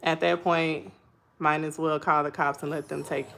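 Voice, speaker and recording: A young woman chatting on a live stream in a slightly low voice, reading comments and telling animated stories with frequent laughter. Faint music plays behind her. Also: moderate pace, gravelly. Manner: animated storytelling, laughs often. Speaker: content creator hosting a live stream.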